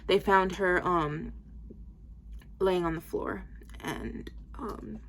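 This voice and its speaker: Low-voiced young woman rambling to camera. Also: drawn-out words, a little hiss or hum. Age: 20s. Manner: rambling, heavy use of "like" and "um"; talks while styling her hair. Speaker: vlogger. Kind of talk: casual storytelling to camera.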